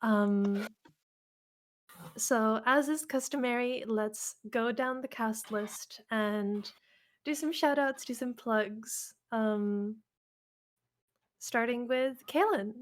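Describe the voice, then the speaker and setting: Slow, gushing female host. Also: fairly high pitch. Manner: gushing, polite. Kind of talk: casual wrap-up chat.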